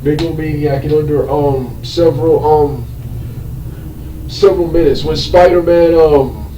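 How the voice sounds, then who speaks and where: A fairly high-pitched man with a mellow tone rants through a movie review, repeating himself, trailing off and filling gaps with ums. He bursts into fed-up outbursts now and then. His voice sounds set back from the mic in a roomy, echoing space. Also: measured pace, recorded from a distance, slight background noise. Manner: rambling and repetitive, loses his train of thought, many filler ums; exasperated outbursts. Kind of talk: unscripted movie review rant.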